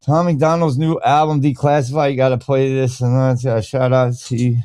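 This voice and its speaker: A man's voice: mid-range voice, little pitch movement, moderate pace, dark tone, no room sound, studio quality. A middle-aged man hosting a podcast, ranting in a casual, rambling and profane way about his opinions. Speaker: podcast host. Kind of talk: casual live-stream rant.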